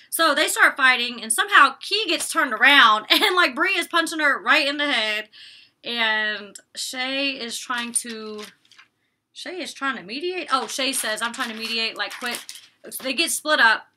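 A young woman talks straight to camera in a loose, opinionated vlog recap. Her voice is very bright and a little high. She swears casually and slips into quick impressions of the people she is talking about. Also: expressive. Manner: chatty and opinionated, recaps scenes with quoted lines, curses casually. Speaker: reality show reviewer.

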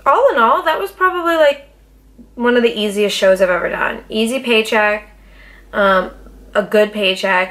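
Young woman, podcast host, casual storytelling, profane, animated, dramatic. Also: a little high.

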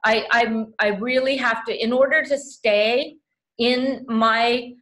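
A woman's voice: a little high, steady tone, takes it slowly, a bit bright, rough recording. A woman in her fifties, talking candidly and bluntly, swearing freely and acting out what people said. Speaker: host sharing caregiving advice. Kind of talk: heartfelt casual conversation.

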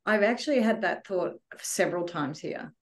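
A woman giving a heartfelt, emotional testimonial about a retreat, often pausing to search for words. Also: on the low side, animated. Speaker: retreat guest.

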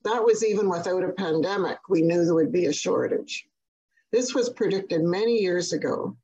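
A woman giving a prepared webinar presentation on healthcare quality, speaking in a measured, deliberate way with occasional restarts. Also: on the low side, a little mellow, husky, rough recording.

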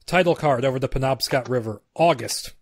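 Speaking fairly quickly in a medium pitch, a man co-hosts a podcast in a dry recording. Between casual chat, he reads screenplay narration out loud, with stumbles and side comments along the way.

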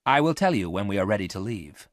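Man doing a formal storybook robot, flat and exact, a touch higher than a low voice, dry close sound. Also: quick pace, no room sound. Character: calm male robot ship computer.

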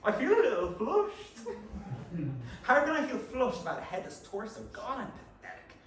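A young man from the West of Ireland with an Irish accent, performing a comic stage monologue, animated and exclaiming as he jumps between inner voices. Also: very high voice, normal speed. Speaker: actor. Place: theatre stage. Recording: echoey live stage recording from far off, noisy.

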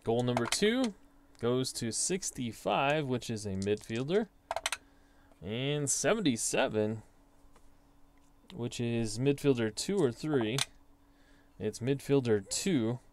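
A man's voice: mid-range voice, animated, takes it slowly, long pauses, darkish tone, a little hiss or hum. A young man casually talking through his tabletop soccer simulation, thinking aloud as he reads off dice results. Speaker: tabletop soccer sim host. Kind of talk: casual solo commentary.

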